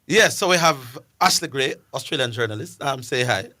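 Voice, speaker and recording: A man's voice: medium pitch, expressive, moderate pace, sharp tone. A man with a Jamaican accent hosting a live sports call-in radio show, chatting in a loose, bantering way. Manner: bantering, informal, loose phrasing. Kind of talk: casual live radio chat.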